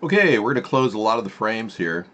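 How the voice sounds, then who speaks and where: A man's voice: on the low side, big pitch swings, fast talker, fairly bright tone, highs cut off. A man hosting a casual political live stream, reading out headlines and muttering his reactions.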